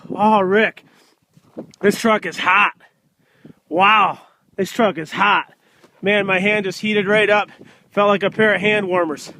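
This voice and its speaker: A man giving a loud, excitable, folksy sales pitch outdoors while walking around a truck for sale. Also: takes it slowly, pauses often, slight background noise. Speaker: used truck dealer. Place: outdoors by a truck in freezing cold. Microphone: handheld camera filmed by a helper.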